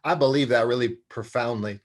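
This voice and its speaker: A man's voice: medium pitch, brisk. Earnest man explaining anger management. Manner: earnest, animated, acts out quoted voices. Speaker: guest, anger management specialist and sports psychologist. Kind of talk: interview conversation.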